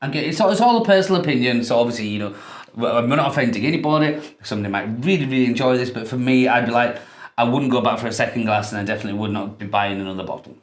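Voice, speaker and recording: A man's voice: mid-range voice, racing, echoey room. A man with a Yorkshire accent, co-hosting a wine tasting show in casual, hesitant chat that breaks into laughs. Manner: chatty, hesitant, laughs easily.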